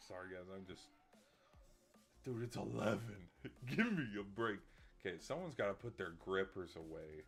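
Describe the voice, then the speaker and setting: A man's voice: on the low side, lively intonation, moderate pace, faint music behind. Tired man rambling on a late stream. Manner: rambling and heated, with filler words and restarts. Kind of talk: casual livestream chat.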